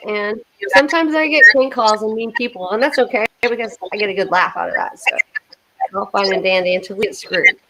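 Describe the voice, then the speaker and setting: A woman's voice: mid-range voice, fairly quick, pushed and bright, poor audio. A woman hosting a casual livestream chat, emotional and prayerful, blessing her viewers, with a cough. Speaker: livestream host.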